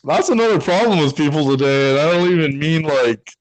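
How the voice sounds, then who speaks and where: A man's voice: a little high, animated, brisk, no echo, rough recording. A young man from Texas, co-hosting a podcast with friends in a loose, rambling chat, laughing easily. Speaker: podcast co-host. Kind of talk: casual chat.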